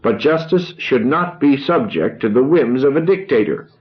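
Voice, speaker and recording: A man reading a novel aloud, voicing a grandiose young orator who speaks solemnly with dramatic pauses. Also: mid-range voice, lively intonation, dull audio, close to an everyday voice.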